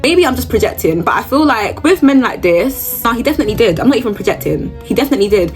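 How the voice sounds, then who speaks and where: A woman's voice: fairly high pitch, animated, fast talker, faint music behind. A young woman hosting her own show, reading posts aloud and reacting bluntly with laughs and gasps. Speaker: host reading reddit posts. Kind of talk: casual reaction commentary.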